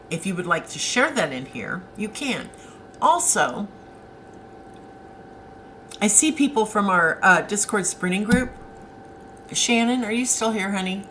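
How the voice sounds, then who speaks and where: A woman's voice: medium pitch, fairly bright tone, slight background noise, rough recording. A woman author hosting a casual live stream, chatting and answering viewer comments as they come in.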